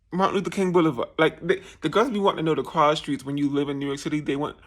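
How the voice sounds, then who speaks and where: A man's voice: fairly high pitch, fairly even intonation, fast, fairly bright tone. A man from New Jersey vlogging in a casual, self-mocking storytelling style, laughing often and putting on voices for other people. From New Jersey, USA. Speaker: travel vlogger.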